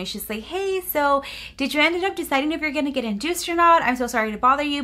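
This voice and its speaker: A young woman vlogger telling her story in a chatty, animated way, acting out the dialogue as she goes. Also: on the high side. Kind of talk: storytime vlog.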